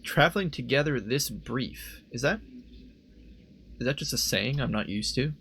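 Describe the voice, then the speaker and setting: A man's voice: mid-range voice, animated, normal speed, a bit bright, husky. Rambling young man playing a game. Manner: rambling, self-questioning, laughs easily. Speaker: let's play host. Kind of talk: casual game commentary. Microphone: desk microphone.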